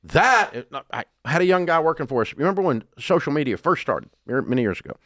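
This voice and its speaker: A man hosting a radio talk show, ranting bluntly and scornfully, his voice jumping loud and high when he gets worked up. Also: very animated, fairly quick, no room sound, clean studio sound. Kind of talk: opinionated talk radio rant.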